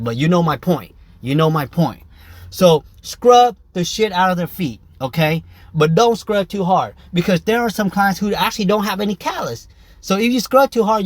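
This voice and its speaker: A man's voice: sits high, no echo. A man, a nail technician giving a casual, joking tutorial full of profanity and constant "y'all". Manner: brash, joking, profane, keeps saying "y'all" and "okay". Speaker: nail technician teaching pedicure. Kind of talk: casual tutorial talk to camera.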